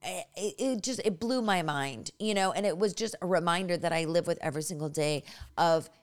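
A woman's voice: fairly low pitch, normal speed. A young adult woman hosting a podcast interview, chatting casually and gushing, with frequent restarts and fillers. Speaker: podcast host.

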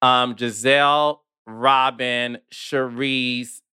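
Bright, crisp-voiced man hosting a podcast. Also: medium pitch, no room sound, clean studio sound. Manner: animated, emotional, talks fast. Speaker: podcast host. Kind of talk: casual interview chat.

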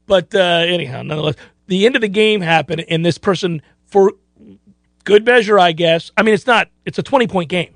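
A man's voice: high voice, brisk, a bit bright, no room sound. A man hosting a sports talk radio show, chatting casually and acting out other people's lines.

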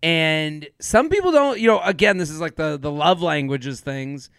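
A man co-hosting a podcast in casual chat, animated, laughing often and acting out quotes. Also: fairly high pitch, normal speed, clean tone, no echo, studio quality. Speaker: podcast co-host.

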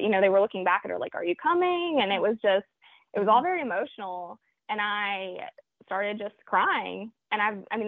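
Woman on a phone call, slightly gravelly voice, dry and tinny, thoughtful with lots of ums. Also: medium pitch, no echo. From Oklahoma. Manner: reflective, halting, many fillers. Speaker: guest hunter. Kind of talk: interview storytelling.

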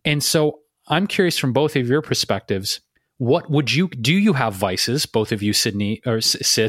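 A man's voice: medium pitch, sing-song, moderate pace, fairly bright tone, no room sound, clean studio sound. A man hosting a casual podcast interview, asking long, rambling questions. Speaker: podcast host.

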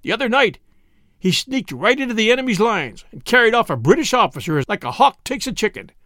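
A man's voice: high voice, big pitch swings, fairly quick, pushed and bright, no room sound, voice pushed up, exaggerated voice. A sly old cobbler from a storybook with a lazy, drawling country dialect, as a male reader puts him on. The voice lifts and dips freely and is heard up close and dry.

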